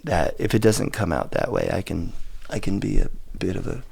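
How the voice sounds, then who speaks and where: A man's voice: fairly low pitch, moderate pace, gravelly, a little mellow, slightly rough. A man in his forties, a guest on a chat show, ranting casually and profanely about his work. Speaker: guest, skateboarder and board designer.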